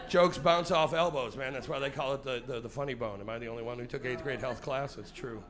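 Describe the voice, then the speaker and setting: A man's voice: mid-range voice, brisk, hardly any pauses, a bit bright. A forty-year-old man doing a profane, crowd-baiting stand-up set on a club stage, sweating as he talks. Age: 40s. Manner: profane and confrontational, teasing the crowd. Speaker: stand-up comedian. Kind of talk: live stand-up comedy set.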